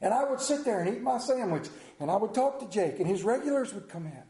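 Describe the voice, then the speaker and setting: A man telling a folksy story with a dramatic, drawn-out delivery and slowed emphasis. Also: high-pitched, animated, dark tone. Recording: roomy echo.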